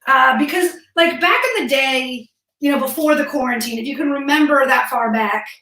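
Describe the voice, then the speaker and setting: A woman's voice: high voice, moderate pace, pushed and bright. A woman from Florida doing stand-up over a video call, teasing and self-deprecating. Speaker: stand-up comic. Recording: roomy, distant video call audio.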